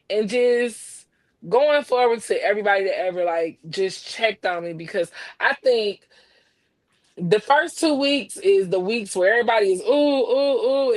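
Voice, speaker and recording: A woman talking as a podcast guest in casual conversation, halting and heartfelt, often repeating her words as she speaks. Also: medium pitch. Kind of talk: casual conversation about grief.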